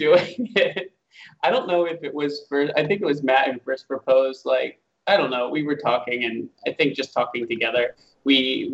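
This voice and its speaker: A man's voice: mid-range voice, creaky, dull audio. A man, a photographer guest in a casual chat, who laughs often and quotes others animatedly.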